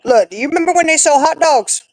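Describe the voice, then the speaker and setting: A woman, telling stories in a relaxed chat among friends. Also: fast talker, no room sound, poor audio. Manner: chatty storyteller, animated with big swings in pitch. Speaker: co-host. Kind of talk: casual chat.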